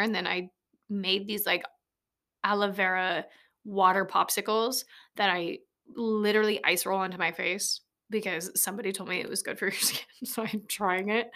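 Casting: late-twenties woman, podcast host, blunt, profane, rambling, quick to laugh, studio mic. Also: medium pitch, bright, forceful tone. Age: late 20s. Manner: blunt, swears often, laughs easily, rambling. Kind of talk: casual solo podcast monologue. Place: small converted shed recording studio. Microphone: studio microphone.

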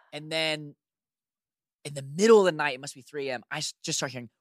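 A man's voice: a little high, a little fast, no echo, studio quality. A young man co-hosting a podcast, telling a story in casual chat, swearing freely and acting out his own reactions. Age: young adult. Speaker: podcast co-host.

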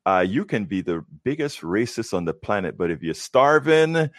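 Low-voiced man in emphatic political talk. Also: very animated, no room sound, studio quality. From United States. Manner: emphatic, halting with restarts. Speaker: guest, political show host. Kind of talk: conversational political discussion.

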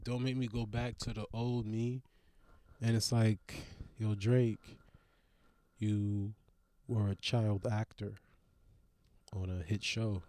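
A young man riffing in a casual comedic monologue, rambling and profane, with big jumps up in pitch when he gets worked up. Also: darkish tone, dry recording. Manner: trails off into mutters.

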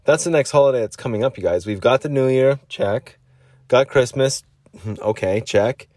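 A man's voice: medium pitch, normal speed, darkish tone, no room sound, studio quality. A man hosting a solo podcast, rambling through stories and acting out little voices as he goes. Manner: rambling, acts out voices and whispers mid-story. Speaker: podcast host.

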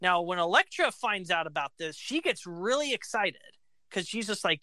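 A woman casually retelling an opera plot, animated and acting out the characters' lines. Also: lowish voice, normal speed, no echo.

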